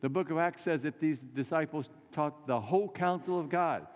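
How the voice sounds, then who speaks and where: An older man preaching a folksy, animated sermon in a church. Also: a little high, normal speed. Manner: folksy, animated storytelling with acted quotes. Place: church sanctuary. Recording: muffled church recording with long reverb.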